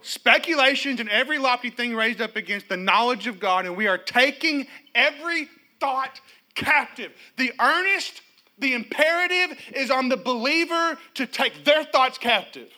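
Male pastor, middle-aged, church sermon, very bright sharp tone, humorous and animated. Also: very high-pitched, moderate pace. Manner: animated, humorous storytelling with calls to the congregation.

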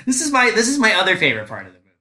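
Male podcast host, bright tone, chatty, roomy echoey recording. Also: high voice, wildly swooping pitch, racing. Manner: chatty, laughs often, restarts sentences. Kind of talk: casual chat. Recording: echoey room.

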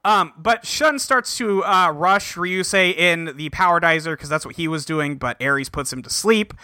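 Bright-voiced man recapping a show. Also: a little high, normal speed, no room sound, studio quality. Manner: swears freely, reads out lines in a flat voice. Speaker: podcast co-host recapping a show. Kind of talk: casual chat.

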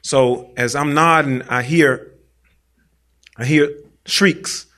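Male storyteller at a live show, mid-pitch, loose and slangy, talks right at the crowd. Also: fairly even intonation, takes it slowly, bright, forceful tone. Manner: casual slangy conversational telling, talks straight to the audience. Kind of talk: live personal storytelling on stage.

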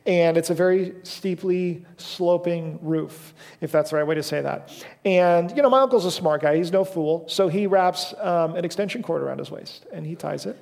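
A man's voice: on the high side, normal speed, creaky, darkish tone, in a large hall. A young man preaching a sermon in a church, telling a story casually and self-deprecatingly with lots of fillers. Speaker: pastor. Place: church sanctuary.

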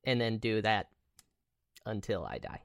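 A man's voice: fairly low pitch, sing-song, measured pace, vocal fry, a bit bright, dry recording, clean studio sound. A young adult man co-hosting a podcast, chatting casually and rambling with lots of fillers and restarts. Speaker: podcast co-host. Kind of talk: casual chat.

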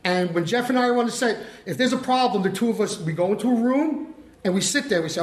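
High-voiced older man telling animated stories. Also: fast talker. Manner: animated, acts out quotes. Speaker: guest filmmaker. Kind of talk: casual storytelling chat. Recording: roomy echoey room.

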